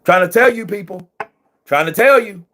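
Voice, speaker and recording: A man giving profane, excitable live commentary while watching a boxing match, often shouting at the referee. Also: high voice, normal speed.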